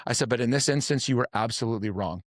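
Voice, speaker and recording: A man's voice: mid-range voice, quick pace, dry recording, clean studio sound. A man hosting a casual group conversation, steadily recounting a personal story and the dialogue in it. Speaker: host.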